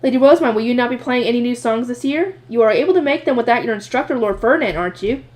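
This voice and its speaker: A woman's voice: on the high side, animated, rapid-fire, a little mellow, natural voice. A woman voicing a smug, taunting noble schoolgirl rival in an audiobook reading, polite on the surface.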